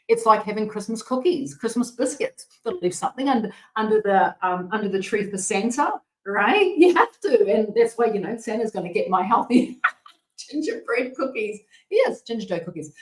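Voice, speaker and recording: A woman talks through her recipes in a chatty, excitable way, looping back on her words with fillers and restarts. Her voice sits at a middle pitch, and the sound carries a noticeable room echo, as if recorded in a bare home kitchen. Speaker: cooking channel host. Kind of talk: casual cooking vlog talk.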